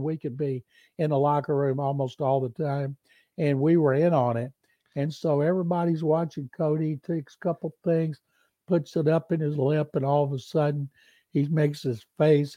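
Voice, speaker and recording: Animated man spinning an old story. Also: fairly high pitch, no echo. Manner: animated storyteller, mimics voices in quotes. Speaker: beat reporter and co-host. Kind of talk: storytelling on a sports podcast.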